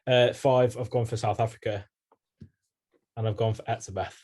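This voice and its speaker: A young man co-hosting a podcast, dry and brisk, keeping the chat moving with short deadpan replies. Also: medium pitch, a little hiss or hum. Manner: dry, brisk, moves things along. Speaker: podcast co-host. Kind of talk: casual banter.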